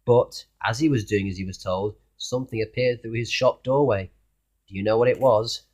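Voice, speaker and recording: A man reading a children's storybook aloud in an expressive way, asking the listener questions along the way. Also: on the low side, moderate pace. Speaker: narrator reading a children's book.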